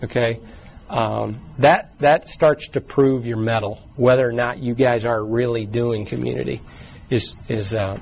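A man leads a church small group class in a casual, talky way, often restarting words and acting out quoted voices in short bursts. He's taped from the room with the group, and his medium-pitched, slightly mellow voice comes with a little hiss or hum and poor audio.

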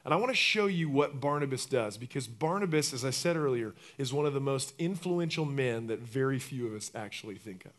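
A man preaching a sermon as pastor, telling the story with lively acted-out voices and swinging from loud bursts to quiet, intimate appeals. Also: mid-range voice, a little fast, hardly any pauses.

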